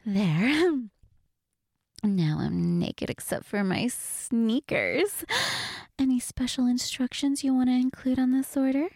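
A woman voicing a defiant young waitress in a scripted audio role-play, teasing and sarcastic, then pleading, with a breathy voice. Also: takes it slowly, darkish tone, no room sound, clean studio sound, heavily acted. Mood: bratty. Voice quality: breathy, swings between low murmurs and high cries.

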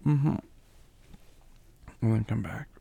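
Young man, whispered boyfriend role-play, slow, husky and very gravelly, soft and doting. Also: fairly low pitch, lively intonation. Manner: soft, tender and doting, with frequent quiet laughs and murmured hums. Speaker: ASMR role-play performer as caring boyfriend.

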